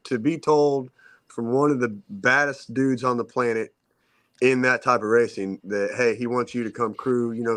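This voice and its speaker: Brief: man, casual co-host spinning an animated yarn, dry close sound. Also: mid-range voice, no echo. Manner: animated storyteller, acts out quoted voices. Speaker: podcast co-host telling a story. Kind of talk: casual storytelling chat.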